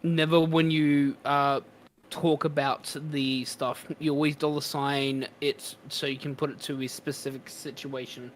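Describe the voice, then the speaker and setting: Chatty streamer man, fairly high voice. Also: flat delivery, a little slow, slight background noise. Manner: chatty, exasperated, laughing at tech troubles. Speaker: streamer host. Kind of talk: casual chat while fixing stream commands.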